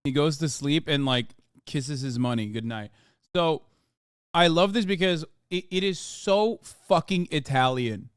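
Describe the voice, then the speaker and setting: A man hosting a live-stream reaction, talking in an animated, profane, ranting way. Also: on the high side, unhurried, clear, resonant tone, dry recording, clean studio sound. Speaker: streamer host.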